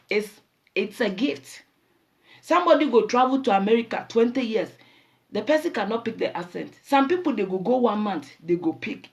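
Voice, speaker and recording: Animated Ghanaian woman host. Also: fairly high pitch. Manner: animated, preachy, mixes Pidgin and Twi phrases. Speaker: show host. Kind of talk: casual talk show monologue.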